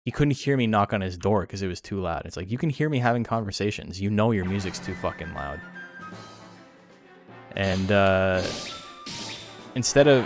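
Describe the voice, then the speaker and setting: Hosting a game tournament stream with music in the background, a young man speaks in a lowish voice, a little fast. Between play-by-play calls he offers casual commentary, rambling and profane.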